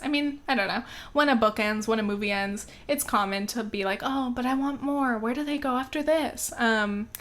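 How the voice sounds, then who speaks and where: A woman's voice: medium pitch, a bit bright. A young woman from America hosting a podcast, chatting candidly with lots of fillers and the odd swear word. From United States. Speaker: podcast host. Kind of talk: casual solo podcast chat.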